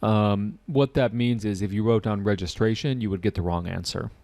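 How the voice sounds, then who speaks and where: An American man teaching an IELTS class online and taking student questions, relaxed and repeating key points. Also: on the low side, moderate pace. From United States.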